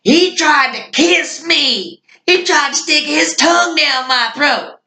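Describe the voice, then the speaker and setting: A man voicing a drunk man who whines and shouts in a frantic panic, heard in an echoey room. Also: high voice, level tone, a little slow, pitched above the performer's own voice.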